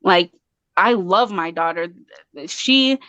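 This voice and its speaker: A woman's voice: fairly low pitch, lively intonation, slow, fairly bright tone, no echo, lo-fi sound. A woman from Colorado, a guest on an interview show, talking earnestly and passionately with many restarts. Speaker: guest artist and mother. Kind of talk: casual interview talk.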